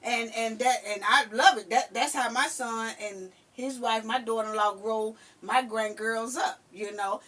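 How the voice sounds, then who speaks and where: Give me a bright, high-voiced grandmother telling stories. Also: a little slow, hardly any pauses, distant mic. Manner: animated storyteller who acts out quotes. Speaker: podcast host. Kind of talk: casual chat.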